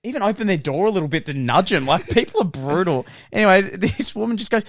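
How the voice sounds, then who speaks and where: A young Australian man chatting on a podcast, slipping into swearing and frequent laughter as he tells stories. His voice sits a little high and swoops around animatedly. The sound is close and dry. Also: expressive, fast talker, no room sound. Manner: sweary storytelling, laughs often. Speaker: podcast co-host. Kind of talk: casual podcast banter.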